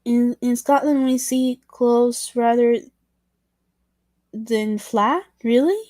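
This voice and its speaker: A woman whose first language is Spanish rambles through a casual livestream chat, asking curious questions and apologizing often. Her voice sits fairly high. The recording is dry and close. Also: takes it slowly, mellow, dry recording.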